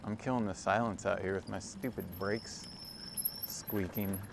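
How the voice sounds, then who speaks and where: A man in his forties talks to his viewers as he rides a cargo bike along a lake, rambling and amused at himself. His voice sits a little low and his words come slowly and easily. The sounds of the ride are clearly heard behind him. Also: steady tone. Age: 40s. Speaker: livestreamer. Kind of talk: casual chat while riding. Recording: outdoor ride with clear background noise.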